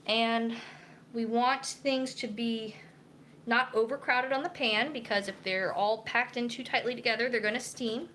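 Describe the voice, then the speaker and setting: A woman's voice: fairly high pitch, bright, forceful tone, slight background noise. A young woman, a dietitian, chatting casually and rambling with many fillers while cooking in her home kitchen on a live stream. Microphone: camera mic.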